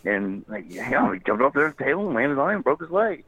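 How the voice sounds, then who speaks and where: A man's voice: mid-range voice, sing-song, a bit bright, breathy edge. A man telling a long story as a guest, rambling and often laughing. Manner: rambling, laughing, quick quoted voices. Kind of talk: casual storytelling. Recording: tinny phone line.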